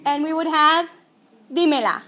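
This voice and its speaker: A woman teaching a Spanish grammar lesson in a chatty, patient way. She draws out her example words slowly. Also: high-pitched, sharp tone. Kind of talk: recorded classroom grammar lesson.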